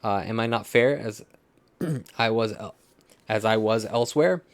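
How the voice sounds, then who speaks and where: A man's voice: lowish voice, measured pace, dry recording. A man reading the lines of a distraught young woman in love, with stumbles and laughs. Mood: pleading.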